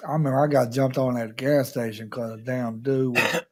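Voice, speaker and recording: A man's voice: mid-range voice, steady tone, a little fast. A man in his forties hosting a casual, profane chat in a laid-back way. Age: 40s. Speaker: podcast host.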